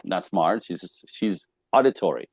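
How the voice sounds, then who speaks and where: A man with a lowish voice chats easily about relationships, laughing often and slipping into little acted-out exchanges. His voice sounds dry and close, with no room around it. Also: lively intonation, normal speed, a little mellow, husky, no echo. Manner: chatty, laughs often, acts out quoted dialogue. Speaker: guest. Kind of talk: casual conversation on relationships.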